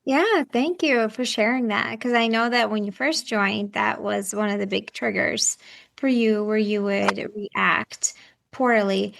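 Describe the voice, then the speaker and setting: A woman's voice: medium pitch, fairly even intonation, measured pace, creaky, a bit bright. A woman parenting coach who hosts the show, speaking in an affirming, encouraging way. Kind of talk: coaching conversation.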